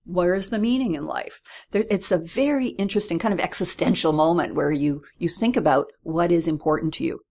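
A woman author speaking as a podcast guest, reflective and thoughtful, growing animated when she retells conversations. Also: lowish voice, fairly quick. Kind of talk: conversational interview.

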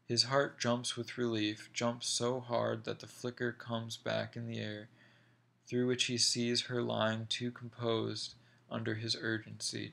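A man reading a short story aloud in a slow, deliberate, measured way. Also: mid-range voice, monotone, gravelly, pushed and bright. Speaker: reader.

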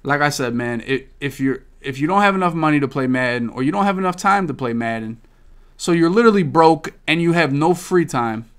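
A male gaming podcast host speaks briskly in a clean, fairly high voice. He's relaxed and profane, spinning lively, rambling tales.

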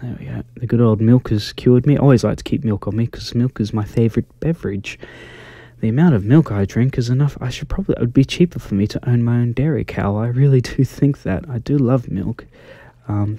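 Male, soft ASMR game commentator, mellow tone, gentle and quaint, flusters easily. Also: medium pitch, brisk, no echo, clean studio sound. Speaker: gaming YouTuber.

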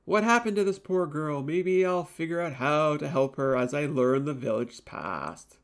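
This is a man hosting a live game stream, talking with viewers about snacks and drinks while reacting aloud to the gameplay and laughing easily. His voice is a little high, expressive and fairly bright, and he keeps a measured pace with hardly any pauses.

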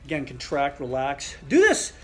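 A middle-aged male chiropractor demonstrating a thumb exercise, talking through each movement in a relaxed way with fillers. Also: mid-range voice, moderate pace, faint music behind.

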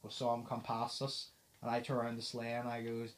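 Speaking a little fast at medium pitch, a young man hosts a podcast over a faint hiss or hum. He animatedly retells a story in casual conversation, voicing the dialogue and laughing and swearing as he goes.

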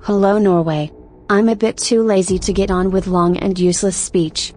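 A woman presenting jury votes in a blunt, offhand, deadpan way. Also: mid-range voice, moderate pace, soft background music. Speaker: jury spokesperson. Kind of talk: scripted vote presentation.

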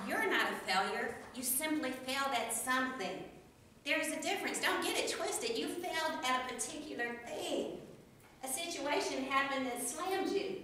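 A woman giving an energetic motivational speech at a speaking club, laughing often and repeating phrases for emphasis. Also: high-pitched, slight background noise. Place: meeting room. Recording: very echoey room from far off.

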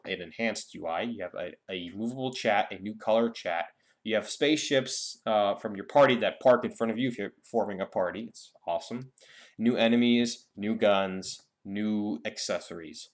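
A young man giving a casual, rambling game guide with many fillers and restarts. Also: fairly low pitch. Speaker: gaming YouTuber.

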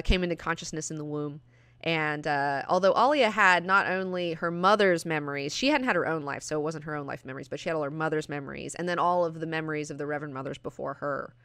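A young woman hosting a comic review, talking casually with lots of swearing and acting out characters in quick bits. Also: on the low side, a bit bright, smooth, no room sound, clean studio sound.

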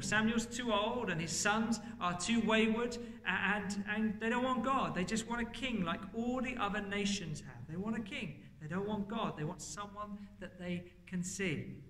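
Bright-voiced male preacher in an echoey church. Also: high voice, slight background noise. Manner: conversational, jokey asides, rhetorical questions to the congregation. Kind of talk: sermon.

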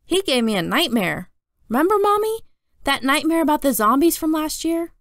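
A woman voicing an excitable, whining second-grade boy in a storybook reading. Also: moderate pace, no room sound, clean studio sound, exaggerated voice. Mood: whiny, excited. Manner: whining, high excited exclamations.

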